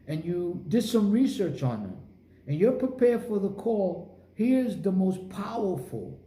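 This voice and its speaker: A man's voice: high voice, mellow. A man giving a motivational sales coaching talk, emphatic and punchy, with short repeated phrases. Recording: roomy echo.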